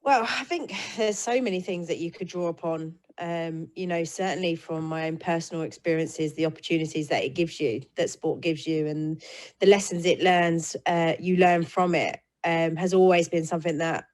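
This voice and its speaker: A woman's voice: lowish voice, fairly even intonation, normal speed, a little mellow. Woman guest on a casual panel. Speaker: panel guest, rugby player.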